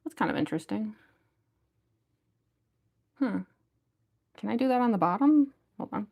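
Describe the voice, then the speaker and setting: A woman's voice: medium pitch, animated, moderate pace, gravelly, highs cut off. A woman chatting casually on a livestream, reading viewer comments aloud and giggling often. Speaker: cosplayer livestreamer.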